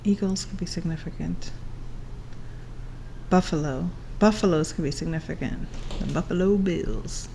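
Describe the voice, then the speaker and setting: A woman's voice: fairly low pitch, normal speed, creaky, long pauses, mellow, a little hiss or hum, poor audio. A woman giving a casual tarot reading, playful and chatty, laughing often and singing along to songs between her remarks. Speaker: tarot reader.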